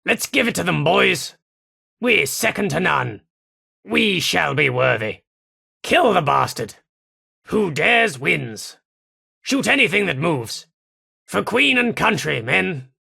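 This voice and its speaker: An actor playing a gruff British soldier loyal to the Queen in a game, barking military commands. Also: a little high, sing-song, slow pace, pauses often, sharp tone, no room sound, studio quality, heavily acted. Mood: rousing. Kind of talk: game voice lines.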